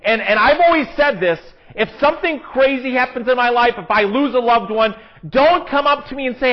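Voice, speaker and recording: A man's voice: very high voice, animated, normal speed, few pauses. A man preaching a sermon in an earnest, conversational way, with emphatic rises. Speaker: pastor. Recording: dull, lo-fi sound.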